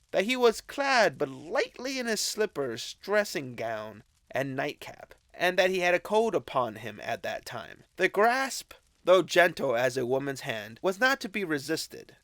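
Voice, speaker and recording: A man narrating a classic novel as an audiobook, with expressive, unhurried storytelling. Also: medium pitch, dry recording. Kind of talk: scripted narration.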